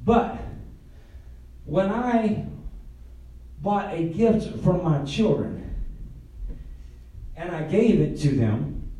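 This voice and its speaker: An older man preaching a sermon to his congregation, alternating fervent shouting with quieter, chuckling asides. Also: high voice, sing-song, very slow, long pauses. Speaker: pastor. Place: church sanctuary. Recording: echoey church, heard from a distance, congregation audible. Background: congregation calling out responses.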